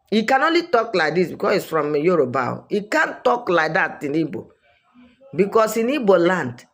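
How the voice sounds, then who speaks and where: A woman with a Nigerian accent giving opinionated social commentary, emphatic and repeating her points for weight. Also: mid-range voice.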